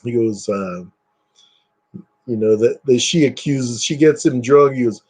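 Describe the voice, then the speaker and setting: Man, casual show-and-tell vlog, rambling, filler-heavy, mellow warm tone, middle pitch. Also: unhurried, husky. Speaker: collector showing items.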